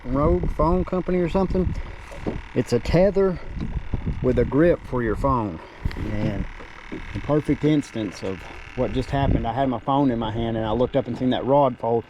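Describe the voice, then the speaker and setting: Southern male fishing vlogger, folksy and chatty, outdoor recording with steady noise. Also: medium pitch, dull audio. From Tennessee. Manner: folksy, says y'all often. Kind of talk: casual on-camera chat. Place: small boat on a river, outdoors.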